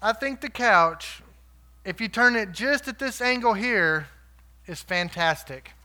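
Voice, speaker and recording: A man's voice: high voice, lively intonation, a little slow, pushed and bright, exaggerated voice. A man voicing a fussy wife who is absorbed in arranging furniture and stays breezy and unbothered.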